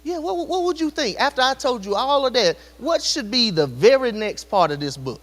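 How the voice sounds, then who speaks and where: High-voiced man preaching a lively sermon. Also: normal speed, few pauses. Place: church sanctuary. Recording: long church hall reverb.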